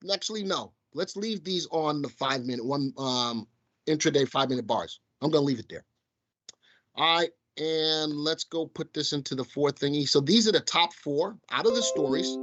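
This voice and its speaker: A man's voice: a little high, fairly bright tone. Southern guy running a live stock show, chatty, calls everyone folks, kinda dull lo-fi stream audio. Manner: chatty, addresses viewers as folks. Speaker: stock market livestream host. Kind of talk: live market commentary. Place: studio.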